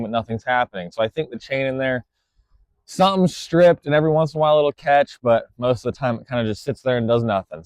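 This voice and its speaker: Working on a truck for his car-flipping vlog, this man narrates casually in a medium-pitched, slightly mellow voice with no echo. He thinks out loud, using fillers and letting sentences trail off.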